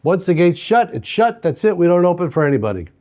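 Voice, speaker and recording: A man's voice: high voice, big pitch swings, quick pace, voice pushed up. A man voicing a stern male town gatekeeper who speaks curtly and dismissively in a told story. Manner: curt, sharp, dismissive.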